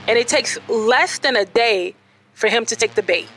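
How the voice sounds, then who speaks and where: A woman's voice: a little high, normal speed, a bit bright, slight background noise, poor audio. A woman telling a personal true story in a candid, conversational and dramatic manner.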